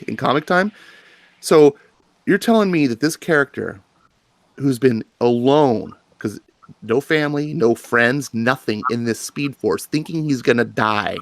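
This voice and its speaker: A man on a comics discussion panel, arguing his view with animated emphasis and frequent restarts. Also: medium pitch, creaky, no echo. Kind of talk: passionate live panel debate.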